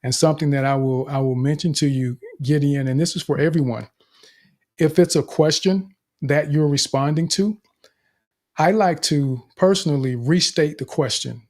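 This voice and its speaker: A man's voice: a little high, normal speed, darkish tone. A man hosting an online speaking group, giving upbeat feedback and numbered tips. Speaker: host and speaking coach. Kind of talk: group coaching session.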